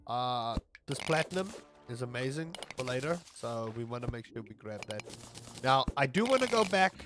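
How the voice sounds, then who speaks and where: Chatty South African man streaming. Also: fairly high pitch. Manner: chatty, rambling, exclaims at in-game mishaps. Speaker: livestreamer. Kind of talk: casual gaming livestream chat.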